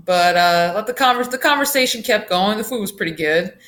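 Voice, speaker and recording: Bright-voiced woman telling a story. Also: mid-range voice, a little fast. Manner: chatty, laughing, lively asides. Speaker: vlogger. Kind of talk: casual storytime.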